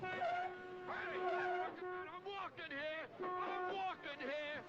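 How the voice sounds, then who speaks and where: An actor playing a scrappy, short-tempered street hustler in a film scene, yelling angrily and indignantly. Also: male voice, very high voice, slow pace, muffled recording, full character voice. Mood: furious.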